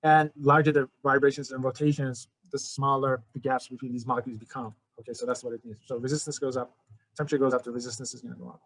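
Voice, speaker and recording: A man's voice: medium pitch, flat delivery, quick pace, fairly bright tone, rough recording. A man teaching a college physics lecture in a loose, conversational way, calling his students "guys" and often restarting his sentences. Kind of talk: recorded lecture.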